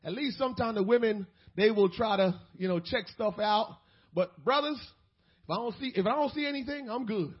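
A man preaching a sermon as pastor, dropping to quiet asides and building to shouted peaks. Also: high-pitched, normal speed, husky, dull audio.

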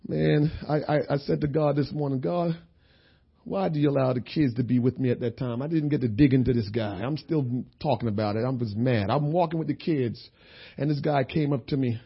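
A man preaching a sermon who tells a story, going from quiet talk to shouting. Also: medium pitch, a little fast, vocal fry, slightly rough, muffled recording.

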